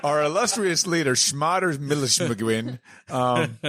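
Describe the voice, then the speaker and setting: A man's voice: on the high side, expressive, unhurried, fairly bright tone, dry recording. Sarcastic, swearing male co-host. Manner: teasing, profane, sarcastic banter. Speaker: podcast co-host. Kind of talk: casual chat.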